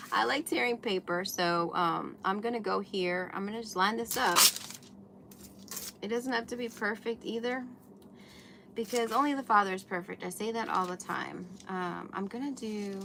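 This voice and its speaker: A chatty woman hosts a craft livestream in a bright, crisp voice at a middling pitch. She greets viewers as she works at her table. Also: a little hiss or hum. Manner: chatty, greets viewers while working with paper. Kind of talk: casual livestream chat while crafting. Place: indoors at a craft table under bright lights.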